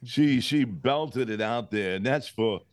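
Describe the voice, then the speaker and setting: A man's voice: mid-range voice, slow pace, no echo, clean studio sound. A man co-hosting a political talk show, blunt and sarcastic, with frequent restarts. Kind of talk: casual political chat.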